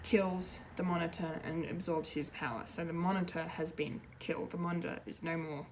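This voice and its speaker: A woman reviewing a TV episode in a casual, rambling way, excitable and full of fillers and restarts. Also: lowish voice, normal speed, slight background noise. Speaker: pop culture reviewer, show regular.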